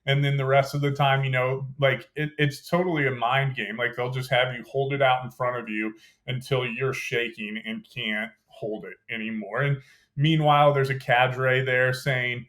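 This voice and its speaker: A man's voice: mid-range voice, little pitch movement, moderate pace, fairly bright tone. Man recounting military training, casual and detailed. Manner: conversational, detailed, frequent "you know" and "like" fillers. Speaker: podcast guest, former Green Beret. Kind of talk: casual storytelling interview.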